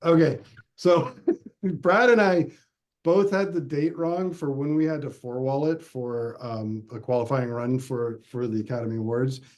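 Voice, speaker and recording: Man, filmmaker, casual interview, animated storytelling, restarts often. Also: mid-range voice, unhurried. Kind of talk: casual interview over video call.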